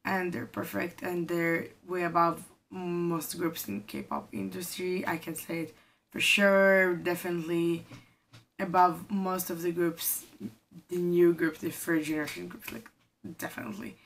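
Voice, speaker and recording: A woman's voice: on the low side, flat delivery, unhurried, gravelly. Gushing young woman reacting to music. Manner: gushing, exclaims often, non-native phrasing. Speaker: K-pop reaction vlogger. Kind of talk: casual reaction commentary. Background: faint music playing.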